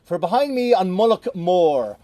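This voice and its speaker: Irish man, storyteller, middle-aged, high voice, playful delivery, dry close sound. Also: no echo. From Ireland. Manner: lively, playful, with dramatic pauses. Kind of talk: oral folk storytelling. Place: outdoors on a moor.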